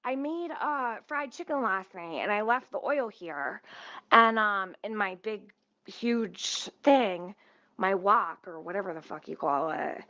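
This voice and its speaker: A woman's voice: mid-range voice, takes it slowly, pushed and bright, dry recording, muffled recording. A woman telling a long story on her livestream, rambling, swearing freely and getting sidetracked mid-sentence. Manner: profane, rambling, easily sidetracked.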